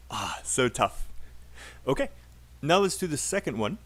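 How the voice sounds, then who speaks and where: A man's voice: medium pitch, big pitch swings, measured pace. Chatty man with a British accent, teaching. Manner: drills phrases aloud for students to repeat; chatty, encouraging. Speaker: English teacher. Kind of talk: live online class teaching.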